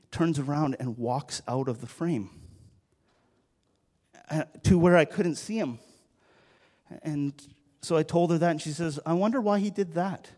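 Middle-aged guy pastor giving a sermon, earnest storytelling, slightly high voice. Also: darkish tone. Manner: earnest storytelling, conversational with rises in intensity.

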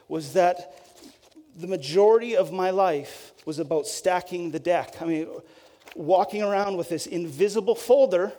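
A man's voice: high voice, warm tone. A man, a pastor, telling a candid, self-deprecating personal story as a sermon. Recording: long hall reverb.

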